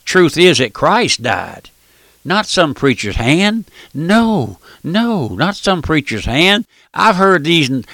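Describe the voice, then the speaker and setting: A man's voice: high voice, pushed and bright, dry recording. An older man preaching a radio sermon, emphatic and folksy.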